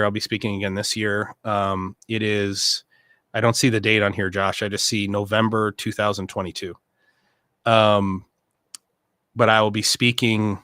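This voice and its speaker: A middle-aged man with a lowish but bright, forceful voice hosts a casual livestream. He talks in an earnest, rambling way, stacking up asides and restarts. The sound is close and dry, with no room around it. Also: dry recording. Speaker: host.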